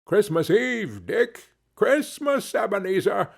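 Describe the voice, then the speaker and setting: A man voicing a jovial, stout old male merchant with a rich, oily voice, calling out loudly in a storybook reading. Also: high voice, very animated, slow pace, creaky, breathy edge, voice pushed up, full character voice.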